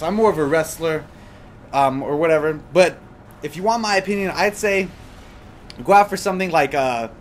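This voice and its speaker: A young man rambles casually through viewer questions as he comments on gameplay, filling his talk with ums and likes. His voice sits a touch on the high side, and a faint hiss runs under the desktop mic. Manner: rambling and chatty, with many fillers. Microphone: desktop USB microphone.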